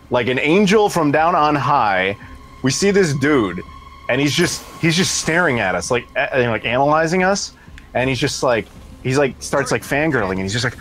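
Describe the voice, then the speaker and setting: Fast-talking man telling a story. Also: mid-range voice, slight background noise. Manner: animated, acts out others' voices. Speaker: podcast co-host. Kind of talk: casual storytelling chat.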